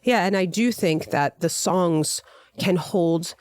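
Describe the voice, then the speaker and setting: A woman's voice: on the low side, slow pace, darkish tone, dry recording. A middle-aged woman from Long Island hosting a podcast, talking candidly and animatedly, thinking aloud and swearing casually. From Long Island, New York. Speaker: podcast host and DJ. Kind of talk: candid conversational interview.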